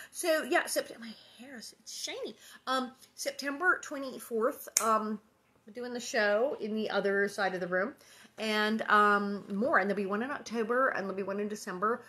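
A woman's voice: mid-range voice, pushed and bright, slight background noise. Chatty, rambling woman host. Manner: chatty and rambling, with many fillers and quick laughs. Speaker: host reading a book aloud online. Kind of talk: casual chat between readings.

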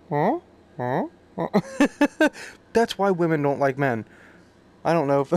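A male streamer reads game subtitles aloud and breaks off into crude, joking asides. His voice sits somewhat high and swings widely in pitch. He swears freely and reacts loudly to what he sees. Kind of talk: casual let's-play commentary, reading subtitles aloud.

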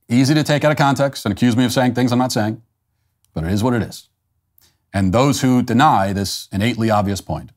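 A man's voice: on the low side, darkish tone. A man hosting an opinion show, delivering a blunt, emphatic and scornful monologue. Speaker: host.

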